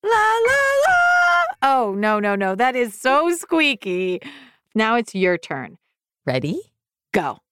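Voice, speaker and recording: A woman's voice: medium pitch, very animated, takes it slowly, a bit bright, clean tone, no room sound, studio quality. A woman hosting a music lesson for kids, encouraging viewers at home to sing along. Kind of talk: upbeat kids' music lesson.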